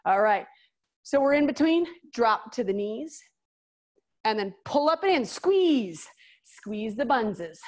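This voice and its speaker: A woman's voice: a little high, very animated, a little mellow. A woman in her thirties leading a workout class, counting reps and cheering people on. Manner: counts reps slowly with upbeat encouragement. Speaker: fitness instructor.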